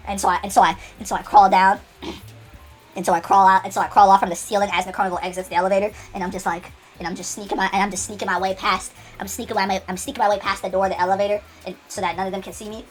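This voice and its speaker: A woman's voice: medium pitch, little pitch movement, very fast, soft background music. A woman telling an unscripted comedic story, rambling with many restarts and laughs.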